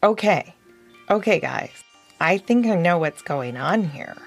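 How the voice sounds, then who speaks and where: A woman voicing a brave, flying male dog hero who speaks in a calm, commanding, coaxing way. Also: on the low side, a little slow, creaky, soft background music, heavily acted. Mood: reassuring.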